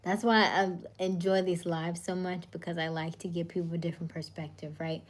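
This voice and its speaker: Woman, 30s, livestream host, casual chat, soothing, slightly low voice, soft murmuring asides. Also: level tone, fairly quick. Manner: chatty, often drops to a soft murmur. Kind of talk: casual live chat reading comments.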